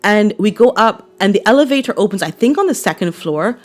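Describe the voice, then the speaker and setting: Barbadian woman, vlogger, casual storytelling to camera, animated, checks in with viewers. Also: mid-range voice, fairly quick, soft background music.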